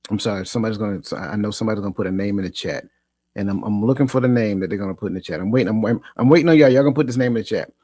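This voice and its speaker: A man hosting a coaching podcast in casual chat, animated and preachy, often repeating himself and laughing. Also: fairly low pitch, very fast, no echo. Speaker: podcast host.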